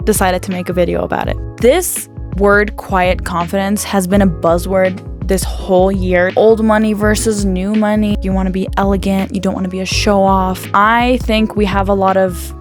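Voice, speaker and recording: Woman, motivational vlogger, chatty, animated, casual talk to camera, faint music behind. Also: medium pitch. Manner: chatty and talkative, self-described loud; animated, quick asides with "like" fillers.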